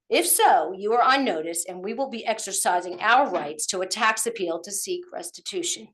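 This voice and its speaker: A woman's voice: medium pitch, normal speed, hardly any pauses, fairly bright tone. A woman, out of breath, giving a pointed public comment at a township meeting and firing off rhetorical questions. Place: council meeting room.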